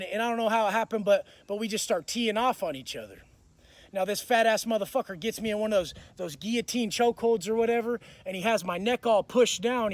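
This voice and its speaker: A man telling rough stories in a blunt, swaggering, heavily cursing way, often restarting and repeating words as he gets worked up. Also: high-pitched, no room sound. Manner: blunt, profane, swaggering street talk. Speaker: vlogger recounting prison life. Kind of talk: casual storytelling monologue.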